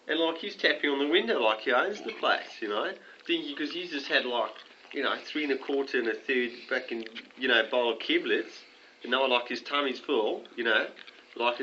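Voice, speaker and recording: A man's voice: mid-range voice, sharp tone, dull audio, a little hiss or hum. A man telling a crude, rambling story in an improvised comedy skit, full of slang, recorded on a home video camera.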